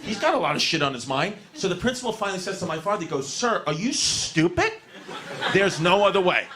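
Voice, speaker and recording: A man doing stand-up comedy on a club stage, telling a loud, animated story and dropping into gruff voices for his father. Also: high voice, very fast. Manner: loud, animated, laughing between lines, swings into gruff voices for his dad. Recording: live club set with a laughing crowd.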